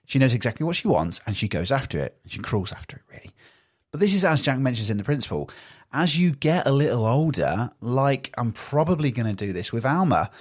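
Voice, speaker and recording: A man, hosting a podcast in a chatty, animated way. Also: mid-range voice, a little fast, slightly rough. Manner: chatty and animated, acts out little quoted exchanges. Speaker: podcast host. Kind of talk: casual solo podcast talk.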